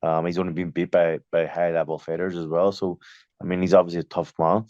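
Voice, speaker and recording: Deep-voiced man, chatty. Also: a little fast, no room sound, lo-fi sound. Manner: chatty storyteller, lively, many fillers and restarts. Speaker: boxer. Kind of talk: casual interview.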